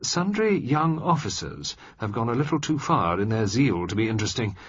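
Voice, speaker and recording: A man's voice: medium pitch, big pitch swings, breathy edge. A man voicing a shrewd, composed older male government minister in a story reading, speaking with careful deliberation. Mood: measured. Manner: deliberate, measured. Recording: dry, slightly dull recording.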